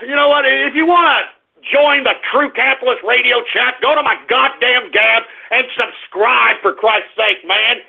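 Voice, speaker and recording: A man voicing a furious, squeaky-voiced radio host who shouts and curses at his audience in an exasperated rant. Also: normal speed, creaky, full character voice. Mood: fed up. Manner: shouting, cursing, exasperated ranting. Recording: tinny phone-line radio stream.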